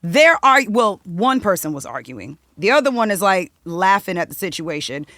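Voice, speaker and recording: A young woman from South Florida, a singer-songwriter telling a story as a podcast guest, animated and profane. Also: fairly low pitch, moderate pace, dry recording, clean studio sound. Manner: animated, profane, acts out quotes. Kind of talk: casual storytelling interview.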